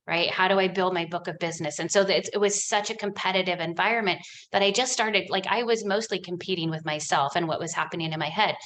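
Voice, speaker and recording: A woman in midlife talks openly as an interview guest. Her voice sits at a middle pitch, and her telling is lively and chatty, with lots of "like". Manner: animated, chatty storytelling with frequent "like". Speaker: guest, money coach. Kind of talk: candid interview chat.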